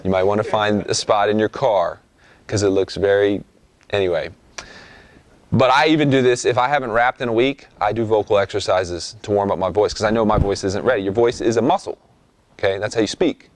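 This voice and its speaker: A man's voice: lowish voice, fairly quick. A young man giving a casual lesson on breath and voice for rapping, often checking in with "okay?" and demonstrating sounds. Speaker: rap vocal instructor. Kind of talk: instructional talk.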